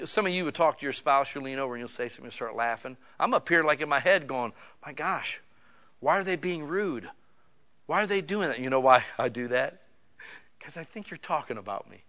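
A man preaching a conversational sermon to his small church, swinging between loud emphatic bursts and quiet, intimate asides. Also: fairly high pitch. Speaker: pastor.

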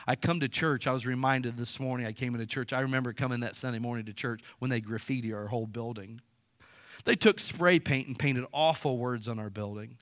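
A pastor preaching a sermon, swinging between quiet stretches and loud emphatic peaks. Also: male voice, on the high side, expressive, fairly quick, dry recording, clean studio sound.

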